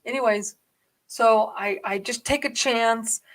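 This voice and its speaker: Brief: woman vlogger, casual storytelling to camera, excitable and rambling, swings from hushed to loud. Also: fairly high pitch, takes it slowly.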